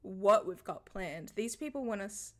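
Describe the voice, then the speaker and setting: A woman's voice: mid-range voice, animated, a little slow. A young woman, telling a story in a casual livestream, swearing freely and laughing often.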